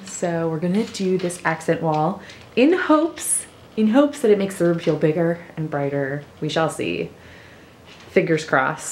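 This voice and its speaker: A homestead vlogger with a deep voice chats quietly at night while painting her living room, thinking aloud and saying "like" a lot. There's a little hiss or hum.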